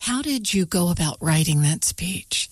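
A woman interviewing a guest, her voice sitting on the low side. She asks measured, direct questions, and the recording is dry and close. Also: animated, husky, no echo.

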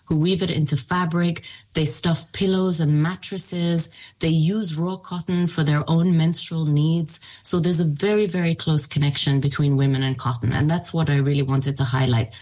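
A woman with a notably low voice, from Sudan, speaks as a filmmaker in an interview. Her delivery is thoughtful and measured, broken by fillers and restarts as she works through each idea. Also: darkish tone. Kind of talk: interview answers.

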